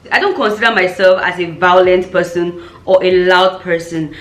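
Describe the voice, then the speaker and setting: A woman from Cameroon, telling a storytime vlog in an animated way and acting out the voices of the people she quotes. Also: fairly low pitch, normal speed. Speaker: YouTuber. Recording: roomy echo.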